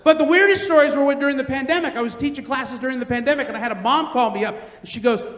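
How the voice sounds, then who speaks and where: A middle-aged man performing a stand-up comedy set, telling loud, animated stories and acting out the quotes. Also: very high-pitched, racing. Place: large theater stage. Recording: roomy theater with long reverb.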